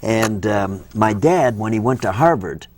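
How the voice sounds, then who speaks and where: A man's voice: lowish voice, expressive, a little slow, darkish tone. An older man from Minnesota, a guest actor telling rambling stories of his career. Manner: rambling storyteller, acts out quotes. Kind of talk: anecdotal interview talk.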